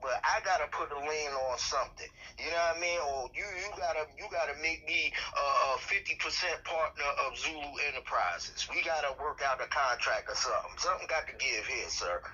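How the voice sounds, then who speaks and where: A man's voice: a little high, brisk, hardly any pauses, sharp tone, husky. A man on a comedic phone call, blustering with indignant threats and tacking "sir" onto his sentences. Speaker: caller in a comedy phone bit.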